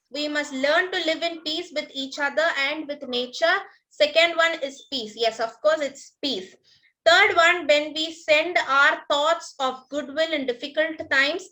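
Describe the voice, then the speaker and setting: A woman's voice: high-pitched, sharp tone, low-quality recording. A woman teacher with an Indian English accent, giving an online class and patiently repeating each instruction with frequent "okay" and thanks.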